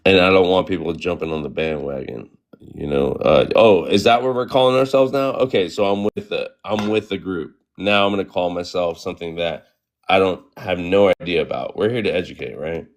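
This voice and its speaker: A man's voice: sits low, brisk. A man from Eritrea moderating a live panel discussion, handing out turns and checking in with "right?" as he talks. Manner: calls on speakers, frequent "right?" tags. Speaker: panel host.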